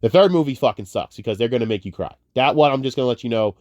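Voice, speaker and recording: Swinging between mumbling and shouting, this young man vents about films with plenty of swearing and wandering digressions. He's an online commentator with a medium-pitched, expressive voice, talking very fast in studio-quality audio with no room sound.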